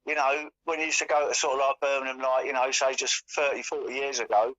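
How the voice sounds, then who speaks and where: A man's voice: medium pitch, level tone, fast talker, fairly bright tone. A man chatting casually as co-host, rambling with lots of fillers and restarts. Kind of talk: casual chat. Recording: dull lo-fi audio.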